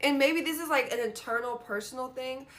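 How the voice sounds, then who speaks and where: Frustrated young woman venting, fairly high voice. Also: fairly quick, a bit bright. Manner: frustrated, frequent "like" fillers and swearing. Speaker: vlogger. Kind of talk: casual venting monologue.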